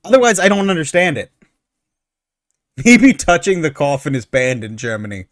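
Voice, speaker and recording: Animated, sarcastic male streamer. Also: a little high, normal speed, dry recording, studio quality. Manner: animated, sarcastic, opinionated ranting. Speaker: streamer reacting to online posts. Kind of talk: casual reaction commentary.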